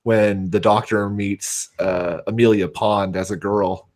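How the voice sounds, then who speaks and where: A man with a West Coast American accent, chatting casually as a livestream guest, halting often with fillers. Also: fairly low pitch, steady tone, a little mellow. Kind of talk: casual chat.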